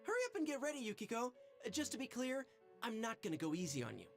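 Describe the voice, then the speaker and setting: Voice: mid-range voice, sing-song, fast talker, soft background music. An actor voicing a sneering, mocking teenage boy in a video game, taunting and cold. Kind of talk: game voice acting.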